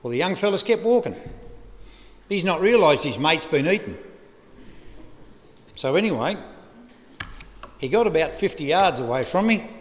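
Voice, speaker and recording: An Australian man with a fairly high-pitched voice delivers a eulogy at a lectern microphone. He spins a loose, humorous yarn. His voice rings with long reverb in a funeral hall. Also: very animated, normal speed, long pauses. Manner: rambling, humorous yarn-spinning. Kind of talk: eulogy anecdote. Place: funeral service venue.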